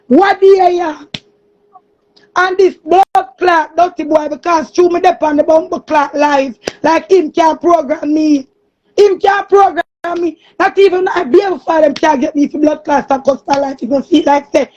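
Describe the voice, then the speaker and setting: A woman with a Jamaican accent in an angry, cursing monologue, often shouting. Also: very high voice, normal speed. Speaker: streamer. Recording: muffled lo-fi recording.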